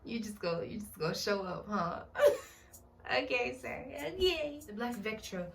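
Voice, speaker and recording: A woman's voice: mid-range voice, normal speed, slight background noise. A woman reading a novel aloud in a casual way, often breaking off to joke and comment on the story. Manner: reads aloud, breaks off to joke and laugh at the text. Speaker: book reader and channel host. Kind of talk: casual book reading with comedic asides. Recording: distant mic with background music.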